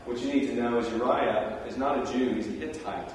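A man's voice: mid-range voice, a little fast, a little hiss or hum. Guy preaching, chatty storytelling sermon, big echoey church, mic kinda far off. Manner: conversational storytelling, animated asides. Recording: roomy hall, distant mic.

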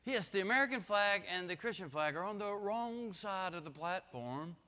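A man's voice: high voice, animated, normal speed, bright, forceful tone. A man playing a fussy older churchwoman who complains about everything, as he retells her words in a sermon. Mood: disapproving. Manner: fussy, disapproving.

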